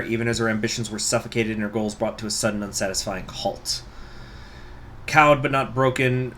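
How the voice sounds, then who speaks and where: A man's voice: mid-range voice, a bit bright, slight background noise. Casual man reading strategy game text. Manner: casual, joking asides between read-out passages. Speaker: let's play host.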